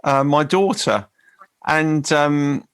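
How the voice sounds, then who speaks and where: A man's voice: a little high, takes it slowly, fairly bright tone, clean tone. A man co-hosting a podcast, teasing his partner with dry, leading questions in casual chat. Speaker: podcast co-host.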